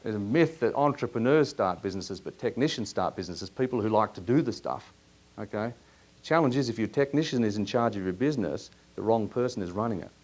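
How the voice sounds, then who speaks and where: A man leading a live workshop in a seminar room, asking audience members lively questions. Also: on the low side, brisk. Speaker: workshop presenter.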